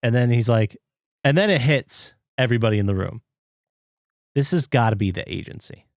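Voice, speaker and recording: A man co-hosting a podcast, retelling a movie scene by scene and jumping into high, excited impressions of the characters. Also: fairly quick, no echo, clean studio sound. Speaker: podcast co-host. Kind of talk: casual movie recap chat.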